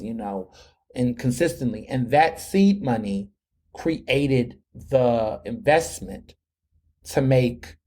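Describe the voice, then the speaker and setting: A man's voice: mid-range voice, darkish tone, slightly rough. A young adult man hosting a podcast, telling a long story in a chatty, slangy way with lots of restarts. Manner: chatty, repeats words and restarts often, slangy. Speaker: podcast host. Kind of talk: casual storytelling monologue.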